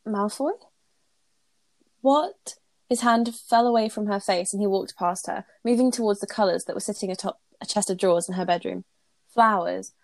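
A woman's voice: mid-range voice, steady tone, fairly quick, creaky, dry recording. A woman co-host reading romantic fan fiction aloud, with giggly, embarrassed asides.

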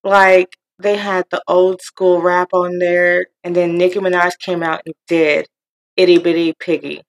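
A woman's voice: lowish voice, little pitch movement, unhurried, low-quality recording. A woman co-hosting a podcast, chatting casually about pop culture, laughing often and trailing off mid-thought. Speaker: podcast co-host.

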